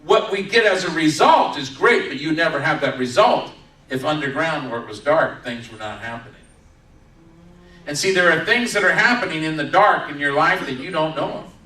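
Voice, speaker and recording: A man with a high, bright voice preaches a sermon, acting out the story's lines as he tells them. He sounds set back from the mic. His voice rings through a reverberant church sanctuary. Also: lively intonation, normal speed, distant mic. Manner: storytelling with acted-out quotes. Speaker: pastor. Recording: echoey room from off-mic.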